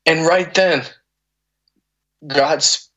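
A man's voice: fairly high pitch, fairly even intonation, drawn-out words, bright, forceful tone. A man in his thirties, a podcast guest, telling an emotional personal story in a candid, conversational way, earnest and full of restarts and fillers.

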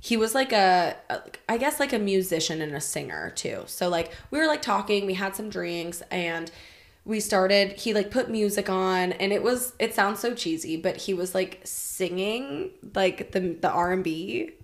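A woman guest on a podcast, telling a candid personal story in casual chat, animated and full of "like" fillers and swearing. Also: medium pitch, moderate pace.

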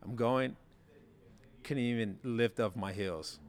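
A young man, a podcast guest and former quarterback, telling stories in a self-mocking, animated way and laughing as he goes. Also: mid-range voice, slow. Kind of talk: casual storytelling.

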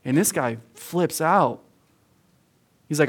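An earnest youth pastor delivers a sermon in a room full of young listeners. His voice sits a little high for a man, and he leans hard on his words, repeating key phrases for emphasis and often calling his audience "guys". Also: normal speed. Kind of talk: verse-by-verse sermon to a youth group.

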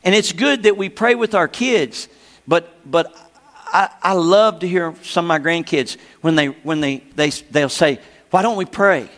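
An older man serves as pastor in this sermon teaching, speaking unhurriedly in a fairly high-pitched, fairly bright voice. He's emphatic and repeats phrases, often seeking an amen from the congregation, all under a long hall reverb.

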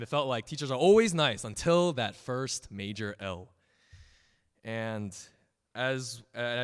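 Animated young man preaching in a hall. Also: medium pitch. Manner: animated, laughs often, acts out quoted voices. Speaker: pastor. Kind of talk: casual sermon with personal stories. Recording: long hall reverb.

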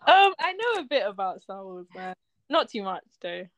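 A woman's voice: medium pitch, very animated, normal speed, fairly bright tone. A woman, a podcast co-host chatting casually and giving firm opinions. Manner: emphatic, opinionated. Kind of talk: casual chat.

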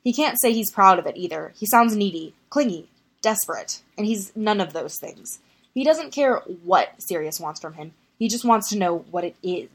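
A woman narrating a work of fiction in an expressive, intimate reading style. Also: mid-range voice, normal speed.

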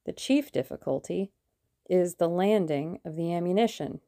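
A woman's voice: lowish voice, normal speed, dark tone, no room sound, clean studio sound, lightly acted. A woman reading an audiobook, voicing a vehement male rebel conspirator. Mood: fierce.

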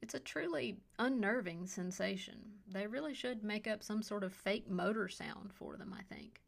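Woman narrator with a gravelly edge. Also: medium pitch, big pitch swings, moderate pace. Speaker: podcast host and storyteller. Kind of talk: scripted story narration.

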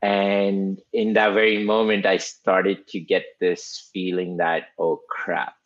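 A man's voice: sits low, flat delivery, slow. A man casually recounting a story on a podcast, rambling and self-conscious, often repeating himself. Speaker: podcast guest recalling a workplace clash. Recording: slightly dull, muffled sound.

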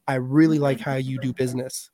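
A man's voice: medium pitch, level tone, fairly quick, warm tone, no echo, clean studio sound. Man telling stories, loose and profane. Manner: loose, profane storytelling with slang. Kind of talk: casual chat.

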